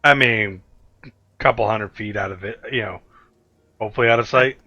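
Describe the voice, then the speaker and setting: A man's voice: fairly low pitch, a little fast, sharp tone, no echo, lo-fi sound. A man chatting casually as a player in a tabletop game, offhand and swearing now and then. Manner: offhand, profane.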